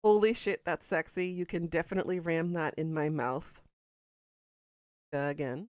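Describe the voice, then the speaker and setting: A woman's voice: low-pitched, fairly even intonation, normal speed, no room sound, clean studio sound. A woman streamer in casual live-stream chat, playful and bawdy, reading out chat quotes and laughing along. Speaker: game streamer.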